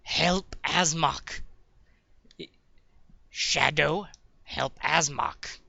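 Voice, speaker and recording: A timid little hooded creature, voiced by a man running a tabletop game, pleading in slow, broken words of English. His tone is bright and a bit strained. The recording sounds dull and lo-fi. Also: a little high, fairly even intonation, creaky, no room sound, exaggerated voice. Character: timid hooded male creature who barely speaks English.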